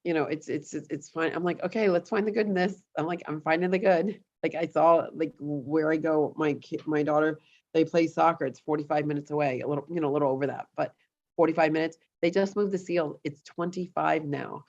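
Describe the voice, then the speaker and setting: A woman co-hosting a casual chat, telling rambling everyday stories full of animated asides. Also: low-pitched, a little fast, highs cut off. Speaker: co-host.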